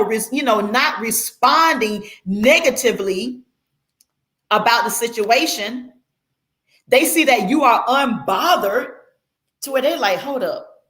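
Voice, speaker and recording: A woman's voice: on the high side, a bit bright. Woman vlogging, loose chatty explaining, lots of um and like. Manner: loose, conversational, many fillers and restarts. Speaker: Christian vlogger. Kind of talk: casual explanatory vlog.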